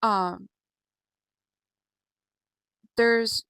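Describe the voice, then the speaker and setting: A woman's voice: fairly high pitch, fairly even intonation, extremely slow, creaky, fairly bright tone, clear, resonant tone, no echo, rough recording. A young woman chatting casually from her bedroom, rambling with many fillers as she recaps wrestling shows. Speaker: wrestling vlogger. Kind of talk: casual chat.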